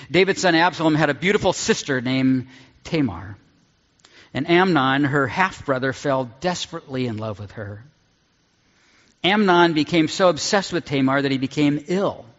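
A man preaching a sermon and reading scripture aloud, earnest and deliberate, dropping low on key words. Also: fairly bright tone. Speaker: pastor. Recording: dull sound in a large reverberant hall.

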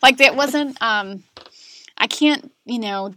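A woman in her thirties, a podcast guest, telling a painful personal story candidly, with many fillers and pauses. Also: a little high, bright, forceful tone, no room sound. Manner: candid, emotional, frequent fillers. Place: Charlotte area.

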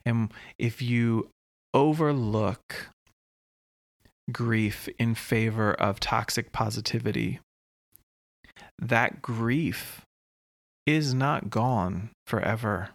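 A man hosting his own podcast, talking slowly and earnestly in a reflective solo monologue with long pauses. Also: medium pitch, no echo. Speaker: podcast host.

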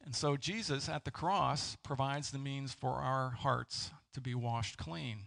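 A man preaching a sermon as a pastor, halting and searching for words with many fillers and restarts. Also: medium pitch, steady tone, creaky, fairly bright tone. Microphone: presenting with slides.

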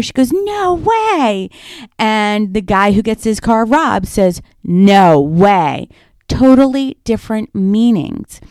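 A woman's voice: mid-range voice, a little mellow, dry recording, clean studio sound. A woman giving a conversational lesson on communication, illustrating her points with personal stories. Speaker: instructor. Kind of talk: lecture on communication.

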